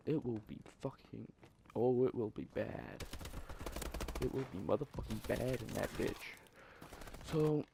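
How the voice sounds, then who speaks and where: A young man telling a story in a casual, profane, animated way, with exasperated asides. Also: medium pitch, a little slow, creaky, noisy background. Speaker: vlogger.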